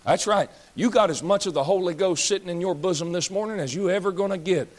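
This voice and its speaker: Preacher guy in his 30s, fiery scolding sermon, kinda high voice, folksy jokes. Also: fast talker. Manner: blunt, scolding, folksy and joking. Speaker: pastor.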